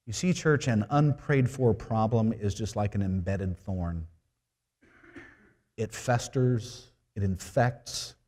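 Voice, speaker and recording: A man preaching a sermon to his congregation, telling a story with asides to the listeners and swinging between loud and hushed moments. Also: lowish voice, slow. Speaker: preaching minister. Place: church sanctuary.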